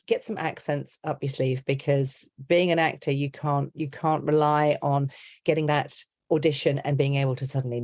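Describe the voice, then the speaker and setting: A woman who coaches accents, chatting as a podcast guest in a lively, laughing way that often breaks off mid-sentence. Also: low-pitched, no echo, clean studio sound. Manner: animated, laughing, self-interrupting storyteller. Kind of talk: casual interview chat.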